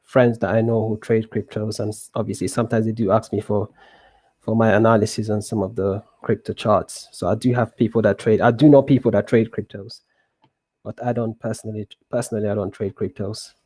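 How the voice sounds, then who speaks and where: A man streaming live trading, answering viewer questions in a relaxed, rambling way with many restarts and fillers. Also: lowish voice, a little fast, slightly rough, dry recording.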